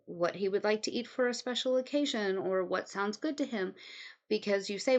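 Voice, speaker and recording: A woman talks her way through casual commentary from home, rambling and chatty with frequent "um"s. Her voice sits at an ordinary middle pitch. The recording is a little dull and muffled. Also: moderate pace. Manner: rambling, chatty, many ums. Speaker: commentary host.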